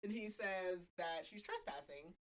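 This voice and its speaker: A lower-pitched woman chats through a book recap as a podcast host. She talks casually, with frequent laughter and loose filler words. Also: measured pace, slight background noise.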